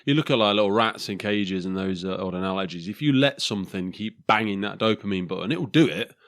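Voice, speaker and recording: A man hosting a podcast, chatting in a blunt, sweary, animated way. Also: lowish voice, quick pace. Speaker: podcast host. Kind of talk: casual chat.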